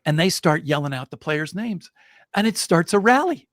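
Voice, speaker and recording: A middle-aged man, a guest in a casual interview, telling an anecdote in an animated way and building suspense. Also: fairly high pitch, moderate pace, no room sound, studio quality. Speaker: guest storyteller.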